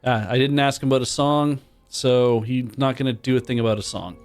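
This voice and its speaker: A man streaming a modded game reads its text aloud in casual commentary, then breaks into loud, surprised swearing. His voice is medium-pitched and fairly even, his pace brisk.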